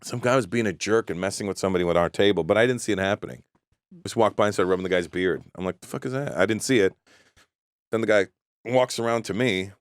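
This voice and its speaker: A man's voice: lowish voice, dry recording, clean studio sound. A man, a guest comedian on a talk show, telling a story and acting out the other people in it. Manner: animated, acts out the other people in his stories.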